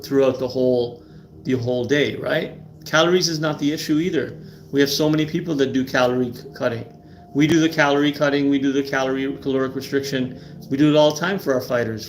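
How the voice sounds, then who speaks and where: Emphatic man hosting a live stream. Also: medium pitch. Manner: emphatic, repeats words, asks "right?" often. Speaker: livestream host. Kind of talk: live stream health talk.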